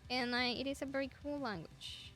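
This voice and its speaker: A woman's voice: sits high, fairly quick, a bit bright, soft background music. A young woman with a Spanish accent, a native Spanish speaker, chatting casually and enthusiastically with her stream viewers. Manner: enthusiastic, rambling.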